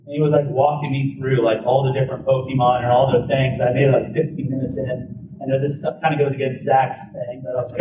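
A man's voice: medium pitch, a little fast. Man telling a story in a roomy hall. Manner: informal, many "like" fillers and restarts, lively retelling. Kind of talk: personal storytelling talk. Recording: roomy, distant mic, faint background noise.

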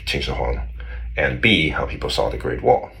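Very deep-voiced man telling a story. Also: sing-song, moderate pace, vocal fry, fairly bright tone. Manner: rambling, many restarts, acts out quoted voices. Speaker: guest explaining history. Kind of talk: casual conversational storytelling.

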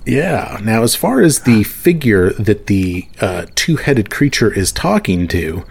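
A man's voice: fairly low pitch, sing-song, slow, gravelly, husky. A man narrating as game master of a tabletop game, easygoing, with many fillers.

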